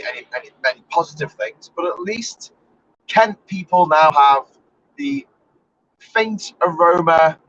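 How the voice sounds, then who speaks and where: An English vlogger drives while talking to his live stream from inside the car, rambling in a sarcastic, offhand, swearing way. His voice is on the high side and a bit bright. The recording sounds muffled, with a little hiss or hum.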